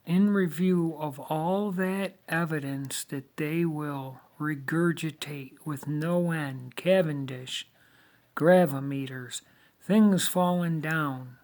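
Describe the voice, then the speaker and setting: A man delivering a lecturing monologue, emphatic and deliberate, with many rhetorical questions. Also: fairly high pitch, darkish tone. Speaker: video monologue host.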